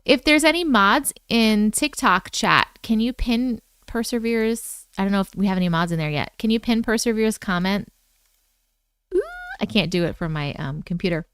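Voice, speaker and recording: A woman hosting a casual livestream at home from her computer, greeting viewers one by one by name, sounding low on energy. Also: fairly bright tone, clean tone, no room sound, clean studio sound. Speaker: livestream host.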